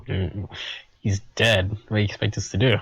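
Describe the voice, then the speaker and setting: A man's voice: lowish voice, level tone, normal speed, breathy edge, no room sound, muffled recording. A man playing a tabletop game, answering in terse, drawling replies. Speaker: player.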